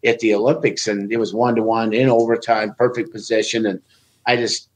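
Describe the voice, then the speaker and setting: Talking a little fast in a lowish voice, a former Olympic wrestler shares casual stories as a guest on a podcast. He's animated and acts out others' words loudly, and the audio is poor.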